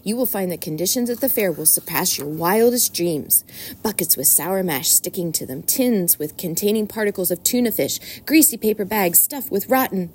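A woman voicing a wise, persuasive old barnyard sheep in a storybook reading, slowly savoring long lists. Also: medium pitch, expressive, a little mellow, husky. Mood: coaxing.

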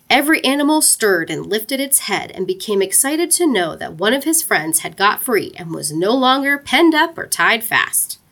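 A woman narrating a children's storybook aloud in an expressive, playful way. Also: medium pitch.

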